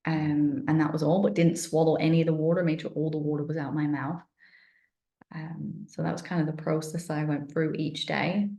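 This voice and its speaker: A middle-aged woman chats through a personal account in a low, relaxed voice. She rambles and restarts, and her mouth sounds dry. The room is echoey around her. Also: normal speed, gravelly. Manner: chatty, rambling, many fillers and restarts. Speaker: wellness vlogger.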